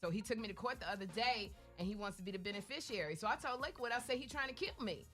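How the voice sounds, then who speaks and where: A middle-aged woman comedian, a guest, telling stories in a lively, animated way in casual interview chat. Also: medium pitch, very fast, soft background music. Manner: lively storyteller, animated quoting.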